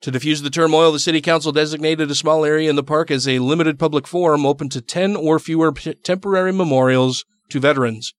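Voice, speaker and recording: A man's voice: on the high side, fairly even intonation, quick pace, hardly any pauses, no room sound. A man hosting a casual podcast, reading a news story aloud and adding sarcastic asides. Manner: sarcastic, laughs often. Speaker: podcast host.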